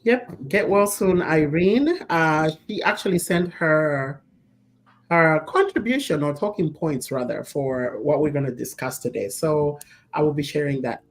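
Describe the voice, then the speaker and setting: Low-voiced woman co-hosting a talk show. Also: a little slow, slight background noise. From Zambia. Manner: laughing often, relaxed storytelling. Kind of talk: casual chat.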